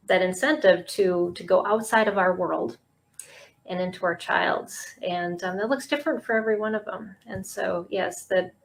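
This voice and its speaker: A woman's voice: medium pitch, vocal fry, rough recording. A woman hosting a podcast interview, speaking reflectively with frequent restarts and fillers. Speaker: podcast host. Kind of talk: casual interview conversation.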